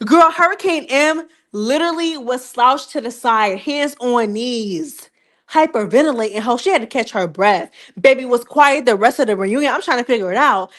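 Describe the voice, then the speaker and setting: A young woman with a high voice hosts a casual live-stream recap. She talks in a loose, slangy way, circling back to the same teasing questions again and again. Her delivery stays animated throughout. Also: moderate pace.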